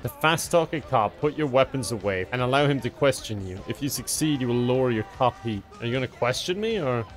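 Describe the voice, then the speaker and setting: A man's voice: mid-range voice, expressive, a little fast, hardly any pauses, music in the background. A man doing gameplay commentary in a sarcastic, joking way, often laughing. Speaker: gaming commentator.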